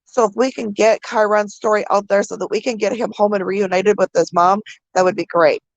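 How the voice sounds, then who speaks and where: A woman vlogger from the American Midwest, talking to her viewers through tears, halting with many pauses and fillers. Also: medium pitch, fairly even intonation, no echo. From Minnesota. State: crying. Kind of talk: emotional vlog talk to viewers.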